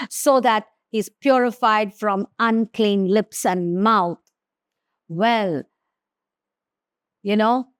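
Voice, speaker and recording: Woman Bible teacher, measured and deliberate, reads verses then unpacks them, slightly high voice. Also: no echo, studio quality. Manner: reads scripture aloud, then explains it slowly with emphasis. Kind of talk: slow devotional Bible teaching.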